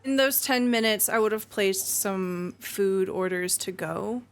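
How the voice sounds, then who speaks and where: Slow, terse woman playing a game character. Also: medium pitch. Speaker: player. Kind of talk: tabletop roleplay, in and out of character.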